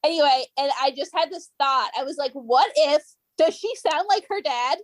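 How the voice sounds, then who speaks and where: High, dry-voiced joking woman. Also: moderate pace, no room sound, poor audio. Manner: blunt, joking, laughs loudly. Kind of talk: casual chat.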